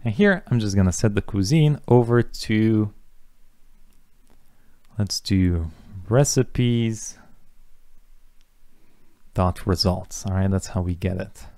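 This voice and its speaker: A young man teaching a coding lesson, talking through each step as he types, with relaxed asides. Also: fairly low pitch, takes it slowly, pauses often, no echo. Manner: talks through steps while typing, relaxed asides. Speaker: coding instructor. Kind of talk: casual screen-recorded coding tutorial.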